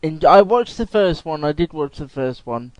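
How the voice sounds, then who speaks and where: A man hosting a podcast chat, giving his views and briskly pointing listeners to the show's website. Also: fairly high pitch, expressive, a little mellow, no echo, poor audio. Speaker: podcast host and writer. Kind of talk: casual chat.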